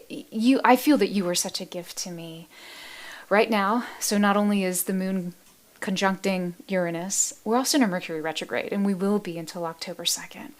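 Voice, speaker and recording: A woman hosting a live meditation stream, chatting casually with viewers in a soft, gentle voice that often drops to a near-whisper, affectionate and quick to laugh. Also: medium pitch. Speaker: meditation livestream host. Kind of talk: casual livestream chat reading viewer comments.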